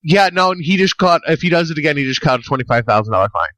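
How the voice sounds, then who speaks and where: A man's voice: on the high side, expressive, very fast, pushed and bright, no room sound. A young man co-hosting a podcast in casual chat, rambling, swearing and joking. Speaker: podcast co-host.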